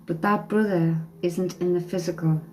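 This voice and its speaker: A woman working as a psychic medium on a live stream, tearful and emotional, talking in halting phrases broken by sighs. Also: fairly low pitch, fairly even intonation, darkish tone, slight background noise, rough recording. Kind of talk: live-stream spirit reading. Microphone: phone or webcam on a live stream.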